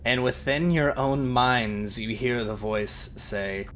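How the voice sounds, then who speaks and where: A man's voice: mid-range voice, slow, fairly bright tone, slight background noise. A man narrating a tabletop game as game master, describing scenes vividly and laughing often.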